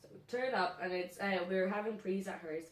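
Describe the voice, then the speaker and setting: A woman's voice: mid-range voice, a little fast, reverberant, recorded from a distance. A young woman co-hosting a podcast, chatting casually and telling a story with lots of laughter. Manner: chatty, laughs a lot, lively reactions. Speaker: podcast co-host.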